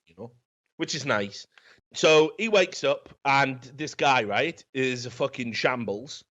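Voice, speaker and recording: Man, podcast film reviewer, crude rambling recap, mid pitch, dull lo-fi sound. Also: animated, unhurried, a bit bright. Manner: rambling, profane storytelling. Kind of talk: casual comedic film review.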